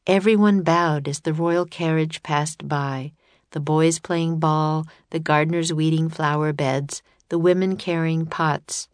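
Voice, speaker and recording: A woman reading a children's chapter book aloud as narrator, calm and measured. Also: low-pitched, no echo. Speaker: audiobook narrator. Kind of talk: scripted narration.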